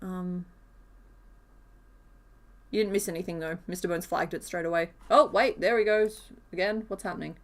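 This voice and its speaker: A woman's voice: lowish voice, fairly even intonation, moderate pace, pauses often. A woman live-streaming as she crochets, chatting casually and rambling with frequent giggles and fillers.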